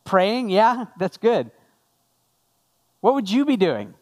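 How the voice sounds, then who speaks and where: Male pastor, fairly high voice, casual sermon delivery that draws the congregation in. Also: big pitch swings, slow pace. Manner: conversational, asks the congregation questions.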